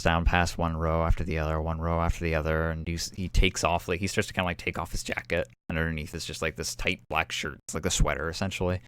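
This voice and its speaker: Man, game master, very low voice, dry close sound, rambling narration with lots of fillers. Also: fairly bright tone, clear, resonant tone, no room sound. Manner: rambling, hesitant narration full of "kinda, like".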